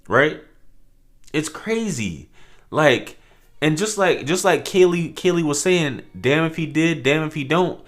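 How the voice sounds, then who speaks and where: A man's voice: a little high, lively intonation, measured pace, a bit bright, faint music behind. A man hosting a reaction commentary, talking casually with a sarcastic, mock-earnest tone and lots of rhetorical questions. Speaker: commentary host.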